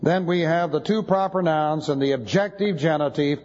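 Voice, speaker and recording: A man's voice: on the high side, moderate pace, darkish tone. A man teaching the Bible in a lecture style, emphatic, spelling out Greek words letter by letter. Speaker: pastor. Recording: dull lo-fi tape in a reverberant hall.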